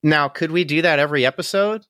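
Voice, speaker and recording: Bright-voiced man on a casual podcast. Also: a little high, fast talker, clear, resonant tone, no room sound, clean studio sound. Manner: laughs often, emotional and animated. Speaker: podcast co-host. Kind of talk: casual chat.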